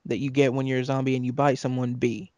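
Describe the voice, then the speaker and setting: Halting man in casual chat. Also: mid-range voice, little pitch movement, dark tone, dry recording. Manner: halting, restarts sentences, laughs often. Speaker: podcast co-host.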